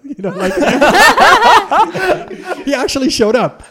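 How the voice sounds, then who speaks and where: A man telling a long travel story in casual conversation, animated and laughing often. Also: high voice, unhurried. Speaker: guest storyteller.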